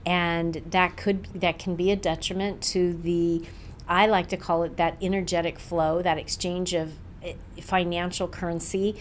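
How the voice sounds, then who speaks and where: A woman with a slightly low voice hosts a podcast interview, encouraging and affirming as she talks things through. Faint background noise sits under her voice. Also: flat delivery, normal speed. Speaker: podcast host. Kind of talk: interview conversation.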